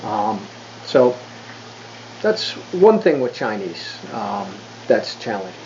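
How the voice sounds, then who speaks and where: A man talking casually through a vlog lesson, thinking aloud with fillers and restarts, and slowing right down when he demonstrates tones. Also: lowish voice, sing-song, lo-fi sound, noisy background. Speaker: language learner explaining Mandarin tones.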